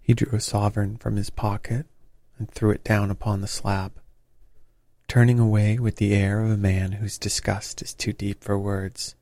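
A man narrating a classic detective story in a measured, even storytelling manner. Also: fairly low pitch, no room sound. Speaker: audiobook narrator.

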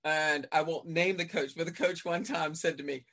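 A woman in her fifties, a veteran basketball referee, chatting in an interview and acting out her exchanges with coaches in lively retellings. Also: low-pitched, normal speed. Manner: animated storyteller acting out court exchanges. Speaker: basketball referee, podcast guest. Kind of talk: casual interview chat.

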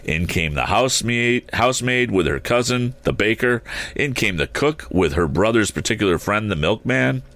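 A man narrating a classic story aloud in an expressive, theatrical way. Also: lowish voice, normal speed, no echo. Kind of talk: audiobook reading.

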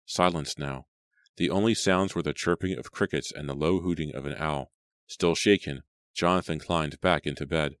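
Very deep-voiced male audiobook narrator. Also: moderate pace, a bit bright, no room sound.

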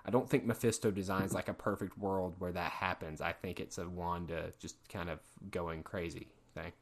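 A man's voice: low-pitched, steady tone, normal speed. A man hosting a casual podcast, skeptically quizzing his co-host and chuckling between points.

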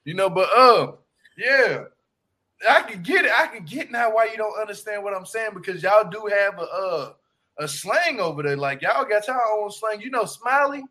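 Bright, laughing man with a high voice. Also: normal speed. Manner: loud, laughing, slangy, animated storytelling. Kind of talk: casual joking chat.

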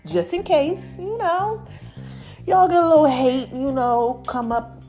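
Brief: high-voiced woman host, chatty monologue, faint music under. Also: expressive, a little mellow. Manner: chatty, drawn-out, affectionate asides. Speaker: podcast host. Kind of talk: casual podcast monologue.

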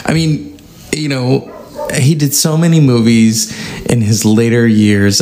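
A man's voice: mid-range voice, fairly even intonation, slow pace, darkish tone, dry recording. A man hosting a solo podcast, talking in a rambling, conversational way with hesitations. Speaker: podcast host. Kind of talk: casual solo podcast monologue.

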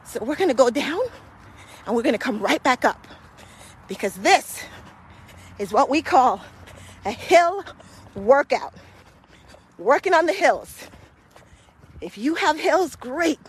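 A woman guiding a hill walking workout while out of breath, encouraging and motivating listeners as she climbs outdoors. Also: high voice. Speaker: fitness coach. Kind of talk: guided walking workout podcast.

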